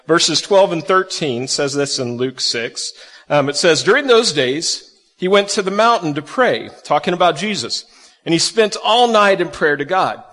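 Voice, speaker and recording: A man's voice: on the high side, expressive, normal speed, fairly bright tone, big-room sound. A man preaching a conversational sermon, asking his listeners questions as he walks through scripture. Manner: conversational, asks the audience questions. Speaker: pastor.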